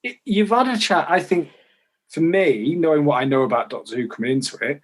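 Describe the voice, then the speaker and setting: A man talking on a casual podcast, halting and thinking aloud with many restarts. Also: on the high side, very animated. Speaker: podcast guest. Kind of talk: casual chat.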